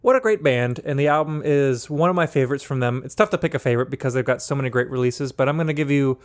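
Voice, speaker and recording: A man's voice: mid-range voice, fast talker. Hesitant man co-hosting a podcast. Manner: hesitant, lots of ums and restarts. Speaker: podcast co-host. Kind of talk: casual chat.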